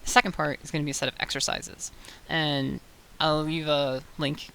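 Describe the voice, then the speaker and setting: A young woman talks through a casual voice-training tutorial, her bright voice carrying a gravelly fry. She chats loosely, full of fillers and quick self-corrections. A faint hiss sits under the recording. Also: sits low, steady tone. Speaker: voice coach. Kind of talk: casual tutorial talk to camera.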